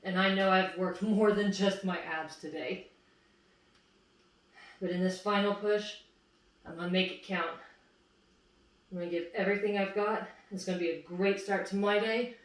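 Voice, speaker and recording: A woman's voice: medium pitch, fairly even intonation, normal speed, pauses often. A woman fitness instructor coaching a plank workout, encouraging and counting down reps while out of breath. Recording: echoey room, far from mic.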